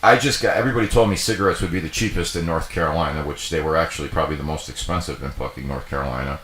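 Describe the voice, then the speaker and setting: A man's voice: a bass voice, rapid-fire, a bit bright, slight background noise. A young man co-hosting a livestream, chatting casually in a rambling way full of fillers and swearing. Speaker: livestream co-host. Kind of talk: casual chat. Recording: echoey room.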